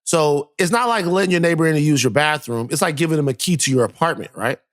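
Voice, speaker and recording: A man's voice: fairly high pitch, fast, dry recording, studio quality. A man co-hosting a podcast, telling a story in casual chat and acting out the quotes with animation. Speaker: podcast co-host.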